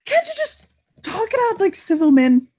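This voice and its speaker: A woman voicing a cranky retired older man in a spoken tabletop role-play, complaining in a shrill, whiny voice. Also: sing-song, moderate pace, warm tone, no room sound, studio quality. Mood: exasperated.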